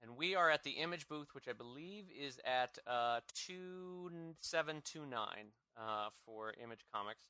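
A man's voice: medium pitch, expressive, measured pace, few pauses, bright, forceful tone, clean tone, no room sound. A middle-aged man co-hosting a podcast, rambling and jokey, often stopping to correct himself mid-sentence. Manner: rambling, self-interrupting, jokey. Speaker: podcast co-host. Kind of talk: casual podcast chat.

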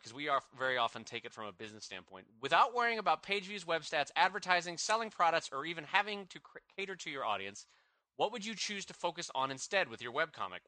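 A man's voice: a little high, sharp tone, no echo, poor audio. A man co-hosting a podcast, teasing his co-hosts and reading out a listener question. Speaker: podcast co-host. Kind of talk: casual comedic chat.

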